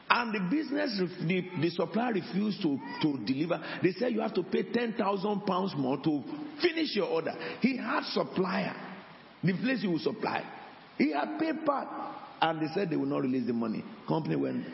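A man's voice: high-pitched, sing-song, moderate pace, gravelly. A man preaching a sermon as an apostle, telling a story and acting out the dialogue with repeated words. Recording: dull, echoey hall with faint ambience.

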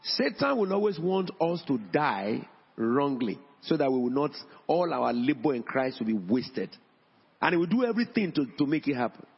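A man preaching a sermon in a church, emphatic, with his pitch rising on key points. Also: sing-song, normal speed, gravelly, slightly rough. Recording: dull sound in a long-echo hall.

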